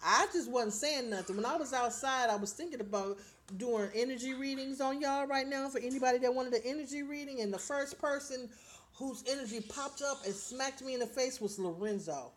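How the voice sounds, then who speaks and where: A middle-aged woman chats casually on a livestream, reading viewer comments aloud and often laughing as she speaks directly to her audience. Her voice sits high and she talks briskly, with slight background noise.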